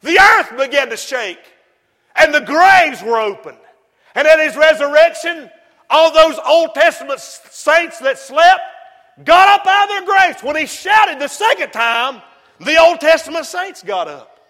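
A man preaching a fiery sermon, shouting and whooping, then dropping to low asides. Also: lively intonation, measured pace. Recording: long hall reverb.

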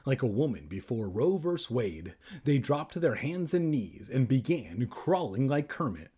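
A man's voice: mid-range voice, very animated, measured pace, mellow, breathy edge. A young man reading a children's book aloud for laughs, breaking off into crude, self-deprecating jokes. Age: young adult. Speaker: reader and comedian.

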